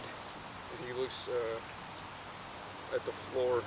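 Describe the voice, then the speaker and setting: A man's voice: medium pitch, little pitch movement, slow, pauses often. A man casually retelling a film plot, rambling and constantly correcting himself. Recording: noisy outdoor background.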